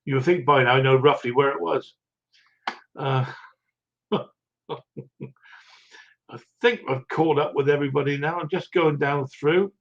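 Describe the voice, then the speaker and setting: A man's voice: fairly high pitch, steady tone, a little slow, creaky, long pauses, muffled recording. An older man hosting a livestream, greeting viewers one by one in rambling, self-mocking casual chat with frequent chuckles. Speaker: livestream host.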